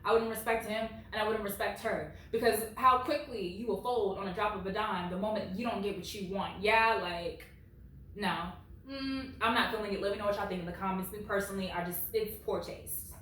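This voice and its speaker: A woman in her late twenties reading reddit stories at home with blunt, animated commentary, peppered with "like". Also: medium pitch, a little fast, a little hiss or hum. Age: late 20s. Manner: blunt and animated, heavy use of "like". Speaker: reddit story reader. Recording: very echoey room, far from mic.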